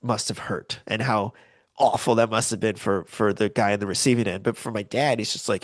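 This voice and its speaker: A man's voice: fairly low pitch, a little fast, no room sound. A middle-aged man co-hosting a podcast, telling a story in casual chat and acting out the voices of the people in it. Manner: animated storyteller, acts out voices in quotes. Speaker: podcast co-host.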